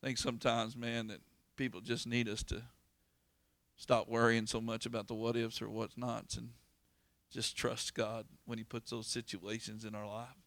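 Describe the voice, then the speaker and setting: A man's voice: medium pitch, little pitch movement, moderate pace, fairly bright tone, dry recording. A man, preaching in a folksy, earnest way and telling a personal story. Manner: folksy, earnest, repeats words and restarts. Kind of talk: informal storytelling sermon.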